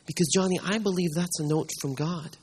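A man voicing a kindly older male pastor who speaks softly and slowly, with halting repeats. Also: sits high, slight background noise, close to an everyday voice. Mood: tender, earnest. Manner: soft, slow and hushed, with halting repeats.

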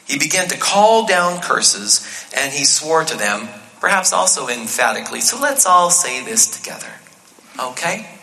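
A man preaching a sermon in a conversational, animated way, acting out the quotes in the passage. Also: on the high side, moderate pace. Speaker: pastor. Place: church auditorium. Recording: live reverb of a church hall.

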